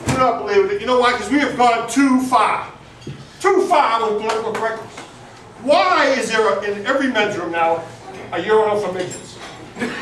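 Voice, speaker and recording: A man's voice: sits high, noisy background. A male stand-up comedian working a comedy club crowd, brash and profane. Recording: roomy club, distant mic, loud crowd.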